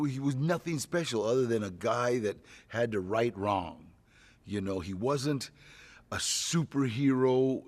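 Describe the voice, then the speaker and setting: A man's voice: mid-range voice, gravelly, darkish tone. A man, an actor, chatting casually in a press interview, telling rambling anecdotes with frequent "you know" and chuckles. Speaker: actor promoting a film.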